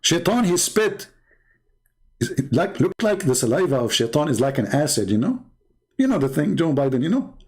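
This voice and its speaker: Male debate host, middle-aged, gravelly voice, sarcastic and mocking delivery. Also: a little high, sing-song, moderate pace, darkish tone. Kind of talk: mocking commentary on videos.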